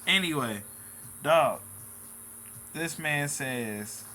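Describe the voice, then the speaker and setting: A man's voice: mid-range voice, a little slow, pauses often, sharp tone, a little hiss or hum. A man hosting a casual vlog, talking in loose slang and calling his viewers bro and dog. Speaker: channel host.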